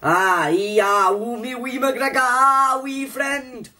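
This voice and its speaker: A young man doing a high, exaggerated fake Scottish accent in a homemade comedy skit. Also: fairly even intonation, slow, sharp tone, recorded from a distance, exaggerated voice. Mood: boisterous. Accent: mock Scottish.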